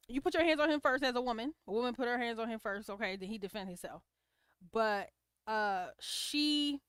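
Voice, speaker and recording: A woman's voice: a little high, a bit bright, smooth, dry recording, clean studio sound. A woman hosting a casual livestream, giving opinionated commentary on clips and reacting to viewer comments. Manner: opinionated, talks back to chat comments.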